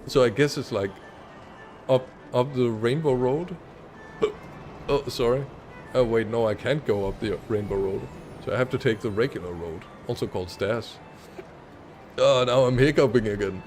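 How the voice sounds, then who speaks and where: A man's voice: mid-range voice, normal speed, pauses often, darkish tone. A man streaming a game, talking casually with sarcastic, muttered asides. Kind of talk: casual gameplay commentary. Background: game music.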